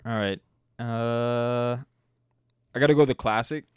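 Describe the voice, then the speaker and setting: A man's voice: medium pitch, steady tone, a little slow, smooth, dry recording, studio quality. A young man cohosting a podcast, joking and laughing in casual banter. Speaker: podcast co-host. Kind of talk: casual chat.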